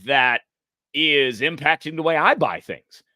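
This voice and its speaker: A man from the United States co-hosting a news talk show, animated and chatty and quick to laugh. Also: a little high, dry recording, studio quality. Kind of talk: casual political chat.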